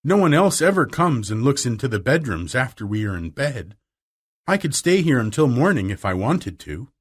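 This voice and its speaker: A man voicing a slow, kind-hearted, timid schoolgirl in an audiobook, speaking in a hesitant, halting way. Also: medium pitch, big pitch swings, slightly rough. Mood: earnest. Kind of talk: audiobook reading.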